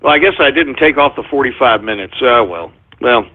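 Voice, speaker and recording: A man hosting a live radio show, ranting angrily, shouting, swearing and taunting listeners. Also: medium pitch, lively intonation, fairly quick. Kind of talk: live call-in radio rant. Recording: tinny lo-fi broadcast audio.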